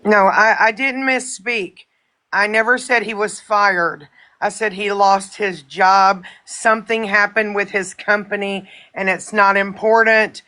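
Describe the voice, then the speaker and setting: A woman's voice: mid-range voice, steady tone, unhurried, pushed and bright. A woman hosting a live stream, chatting casually and repeating her points insistently. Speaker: livestream host.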